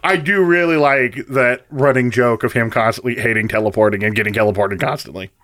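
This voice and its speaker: A man in casual chat about a video game, retelling it in a relaxed, amused way. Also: mid-range voice, brisk.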